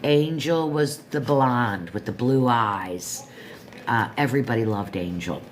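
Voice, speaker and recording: A woman in her fifties hosts a livestream reviewing a book, speaking in a very deep voice at a measured pace. Her casual chat rambles, full of asides and self-corrections, and a little hiss or hum sits under it.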